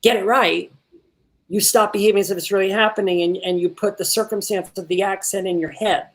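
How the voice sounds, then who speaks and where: A man teaching an online acting workshop. He is animated and repeats words when excited, and he swears casually while giving feedback. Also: high-pitched, fast talker. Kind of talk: coaching an actor in an online workshop.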